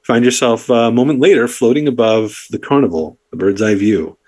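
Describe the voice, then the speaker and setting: A man's voice: mid-range voice, fairly quick, a little mellow. A man narrating a tabletop game as dungeon master, loose and rambling with many fillers.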